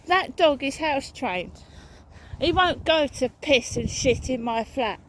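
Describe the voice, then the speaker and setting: A woman's voice: sits high, animated, slow. A woman vlogging on a walk outdoors, ranting angrily and swearing a lot. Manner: angry, profane ranting. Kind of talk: walking vlog rant. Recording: outdoor background noise.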